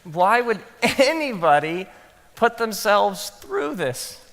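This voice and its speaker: A man speaking as a pastor to a live audience, telling animated stories and acting out his own thoughts in soft asides. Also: high-pitched, takes it slowly, in a large hall, slight background noise. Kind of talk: talk to pastors, animated storytelling.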